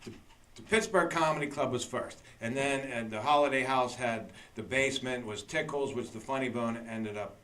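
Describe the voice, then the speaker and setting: Bright-voiced comedian telling stories. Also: male voice, medium pitch, normal speed. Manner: animated anecdotes with laughter. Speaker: comedian guest. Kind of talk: casual storytelling chat.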